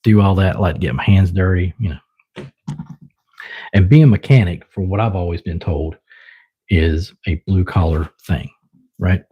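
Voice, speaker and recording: In a low, slightly rough voice, the young Southern US man talks unhurriedly on his live stream, pausing often, and the audio has its highs cut off. His casual chat with viewers rambles and is packed with fillers.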